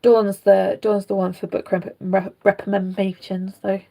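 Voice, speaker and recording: A woman's voice: mid-range voice, flat delivery, a little slow, creaky, dark tone. A young British woman vlogger chatting casually and rambling, with many fillers and asides, while rerooting a doll. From Britain.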